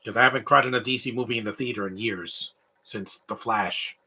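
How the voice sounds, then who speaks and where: A young man from Canada co-hosting a live stream, rambling through casual comedic chat. His voice is very bright and husky, and his talk is animated and digressive. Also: fairly low pitch, fairly quick. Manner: rambling, animated, mimics stutters and sobbing noises.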